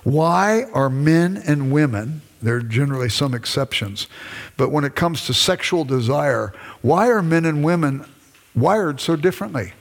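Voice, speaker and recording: A man's voice: a little high, lively intonation, moderate pace, gravelly. An older man giving a conversational lecture to a class, acting out bits of dialogue with his wife as he goes. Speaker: lecturer, former pastor. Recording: long reverb from a hall.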